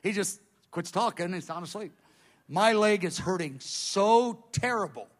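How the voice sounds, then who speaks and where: A man telling a dramatic testimony as a preacher, animated, with his volume rising and dropping and many restarts. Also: high-pitched, moderate pace.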